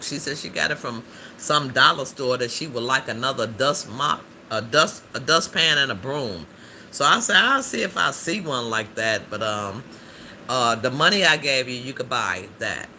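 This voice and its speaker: Bright and forceful, this man's mid-range voice moves at a moderate pace as he runs a relaxed livestream. He talks loosely, responds out loud to viewers' comments, and laughs a lot over a noisy background.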